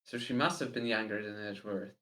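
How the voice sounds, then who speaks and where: A co-viewer on a stream making calm, matter-of-fact remarks. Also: medium pitch, quick pace, a crowd in the background.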